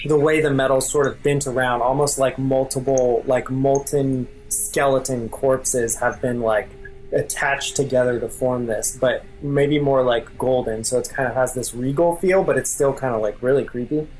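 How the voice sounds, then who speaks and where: Casual game master narrating a scene. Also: male voice, medium pitch, fairly even intonation, moderate pace, rough recording. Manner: casual, rambling, many fillers. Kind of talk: narrating a tabletop role-playing game.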